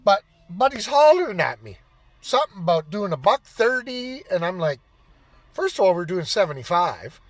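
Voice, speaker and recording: A man's voice: sits high, very animated, normal speed, dry recording. A man in his fifties telling a rambling, profane anecdote in a casual storytelling style. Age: 50s. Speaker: vlogger.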